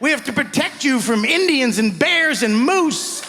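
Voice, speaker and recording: A young man performing a stand-up set on stage, animated, shouting punchlines and acting out voices. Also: extremely high pitch, a little slow, background noise. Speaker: stand-up comedian. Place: comedy club stage before a live audience. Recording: live stage audio with long hall reverb.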